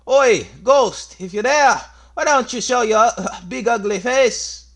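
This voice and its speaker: A man voicing a brash, boastful boy bully from a video game with a put-on British-style accent, taunting and shouting. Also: very high-pitched, a little slow, slight background noise, voice pushed up, exaggerated voice. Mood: cocky taunting. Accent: put-on British-style slang.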